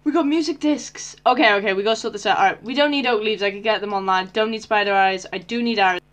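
A teenage girl giving casual, excitable commentary on her Minecraft gameplay, often squealing and shouting with delight. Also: medium pitch, fast talker. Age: teens. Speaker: Minecraft YouTuber.

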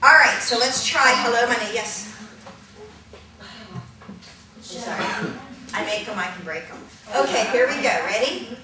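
A woman's voice: fairly high pitch, expressive, unhurried, pauses often, a crowd in the background. Upbeat woman teaching in an echoey hall. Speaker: puppetry instructor. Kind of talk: hands-on workshop teaching. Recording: echoey room from a distance, noisy.

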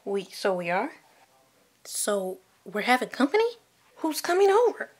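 A woman's voice: a little high, big pitch swings, a little slow, slightly rough, pitched below the performer's own voice, heavily acted. A woman voicing a sulky, jealous male doll boyfriend in a toy play video, whining and complaining. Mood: whiny.

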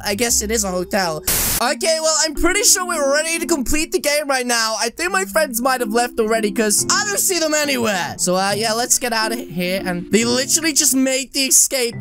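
A man with a notably high voice talks through a video game in an excitable, jokey way. He often breaks into yelps and shouts. Game music plays clearly behind him. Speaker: gaming YouTuber. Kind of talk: energetic gameplay commentary.

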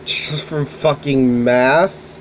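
A man gives casual, excitable commentary while he plays. He swears freely and blurts out reactions. His pitch sits in the ordinary middle range, and a faint hum plays behind him. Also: drawn-out words, poor audio. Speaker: gaming channel host playing the game.

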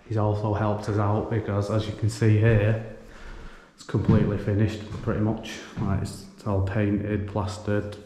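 This electrician's voice is fairly low in pitch and darkish in tone. He chats and thinks aloud casually, explaining his work inside a house being renovated. The audio has an echoey room sound and faint background noise.

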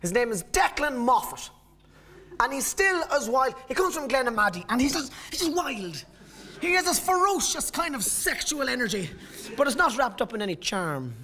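A man's voice: extremely high pitch, very animated, normal speed, crowd noise. A man in his thirties with an Irish accent, performing live stand-up on stage, telling stories in a rambling, self-interrupting way. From Ireland. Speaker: stand-up comedian. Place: stage in a live comedy venue.

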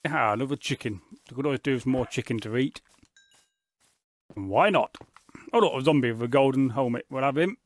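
A man's voice: mid-range voice, a little fast, pauses often, no echo. A man giving chatty, joking running commentary as the host of a gaming channel. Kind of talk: casual gameplay commentary.

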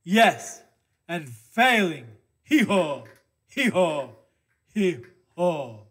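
A high, sing-song donkey puppet voiced by a man who keeps braying hee-haw between his words. He drawls slowly and swoops up and down, earnest and a bit mopey, the way a kids' church puppet talks. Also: big pitch swings, fairly bright tone, breathy edge, heavily acted. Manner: punctuates speech with hee-haw brays. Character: glum male donkey puppet, earnest, brays. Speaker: kids' time puppet character.

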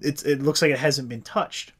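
A man's voice: medium pitch, steady tone, moderate pace, husky. A man hosting a podcast, telling a history story in a loose, profane, chatty way. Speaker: podcast host. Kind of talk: casual storytelling.

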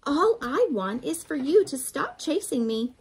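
A woman voicing a big, apologetic dragon in a picture book read aloud, with a pleading, higher-pitched manner. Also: big pitch swings, unhurried, noisy background, full character voice. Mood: gentle.

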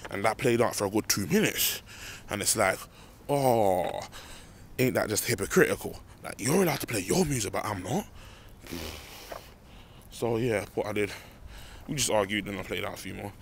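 This late-night rant to camera comes from a young man vlogging on a handheld phone as he walks home through a car park outdoors at night. His voice sits on the low side, expressive and brisk with vocal fry, over a little hiss or hum, and he rambles animatedly.

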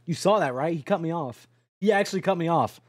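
A man's voice: on the high side, a little fast, no room sound, studio quality. A young man streaming a trucking game, chatting with his viewers in a rambling, joking way and swearing often. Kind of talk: casual live-stream chatter while playing a trucking game.

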